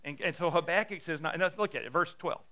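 A man's voice: a little high, fast talker, bright, forceful tone. A man preaching a sermon in a conversational storytelling way, acting out quotes and asking his listeners questions. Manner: asks the congregation questions. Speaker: pastor.

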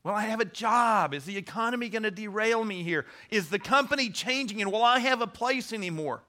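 A man's voice: high-pitched, expressive, a little fast, bright, forceful tone. A man preaching a sermon, earnest and teaching, often restarting and repeating words as he explains. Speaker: pastor.

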